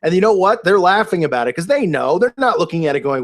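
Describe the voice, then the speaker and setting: A man's voice: high voice, sing-song, fast. A man talking in a casual, unscripted monologue, rambling and incredulous, with many restarts and fillers. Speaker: video commentator.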